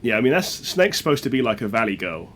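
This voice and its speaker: A man's voice: mid-range voice, very animated, quick pace, a bit bright, slight background noise. A man streaming a speedrun, chatting and joking casually with his viewers. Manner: joking, chatty, reads chat aloud. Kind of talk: casual chat with viewers while playing.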